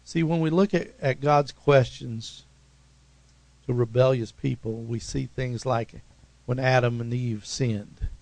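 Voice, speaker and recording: A man with an Oklahoma accent preaching a sermon as pastor, talking in a conversational, emphatic way and swinging suddenly between loud and soft. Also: medium pitch, steady tone, unhurried, vocal fry, no room sound, poor audio.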